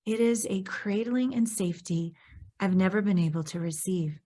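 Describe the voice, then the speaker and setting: A woman hosting a podcast in candid conversation, expressive and acting out her own reactions in animated bursts. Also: mid-range voice, normal speed. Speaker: podcast host.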